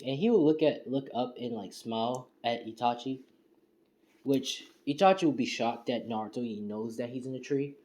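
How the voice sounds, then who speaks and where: Man, mellow tone, loose rambling fan storyteller full of fillers, home recording. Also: mid-range voice. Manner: rambling, heavy on fillers like "you know" and "and stuff". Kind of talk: casual spoken fan-fiction retelling. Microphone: home screen-recording setup.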